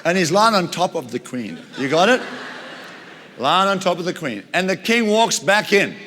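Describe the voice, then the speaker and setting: A man preaching a storytelling sermon, retelling a Bible story in an animated way with frequent chuckles. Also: high-pitched, normal speed, long reverb tail, a little hiss or hum.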